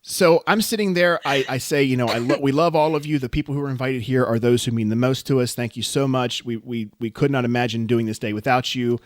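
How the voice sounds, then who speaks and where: A man's voice: mid-range voice, brisk, few pauses, dry recording, studio quality. A man co-hosting a podcast, telling stories in casual chat with lots of laughter. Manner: animated storytelling, laughs often. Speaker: podcast co-host.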